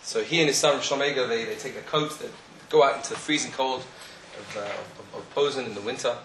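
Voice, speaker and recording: A man telling a story in a sermon, animated, acting out the voices of the people in it. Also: mid-range voice, fairly quick, a little hiss or hum. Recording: echoey room, faint ambience.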